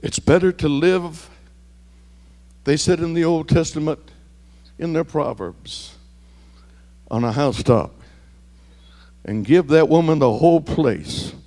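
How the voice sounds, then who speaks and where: High-voiced preaching pastor, hushed to shouting. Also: male voice, big-room sound. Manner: swings from hushed to shouted, repetitive preaching cadence. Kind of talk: sermon.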